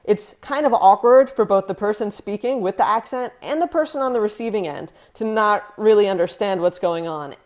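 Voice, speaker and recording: An American woman who hosts a vlog and teaches French pronunciation in a clear, emphatic way, sounding out sample words. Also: medium pitch, moderate pace, hardly any pauses, a little mellow. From United States. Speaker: language vlogger.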